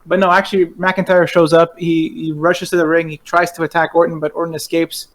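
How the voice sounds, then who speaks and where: A man's voice: a little high, level tone, brisk, few pauses. A man co-hosting a podcast, chatting casually and walking through events step by step with wry asides. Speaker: podcast co-host. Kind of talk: casual recap chat.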